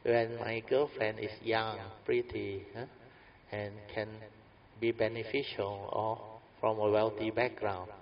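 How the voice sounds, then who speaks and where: A man's voice: on the low side, flat delivery, takes it slowly. A man giving a Buddhist Dhamma talk, telling a story in a chatty, anecdotal way with tag questions and fillers. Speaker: Buddhist teacher. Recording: dull lo-fi recording.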